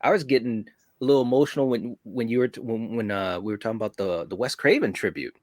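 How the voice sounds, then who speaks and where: A man's voice: medium pitch, quick pace, a little mellow, dry recording. A man in a casual podcast chat, enthusiastic and emphatic as he agrees and shares feelings.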